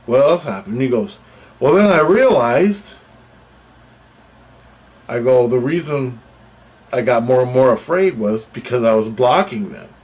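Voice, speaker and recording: A man telling a personal story in a rambling, casual way, getting animated when he quotes what others said. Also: mid-range voice, husky, low-quality recording.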